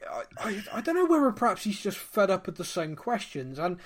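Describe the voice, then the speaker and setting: Chatty Bristolian man with a higher voice. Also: huge pitch swings, brisk. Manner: chatty, self-mocking, stumbles and repeats words. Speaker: podcast co-host. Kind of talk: casual chat.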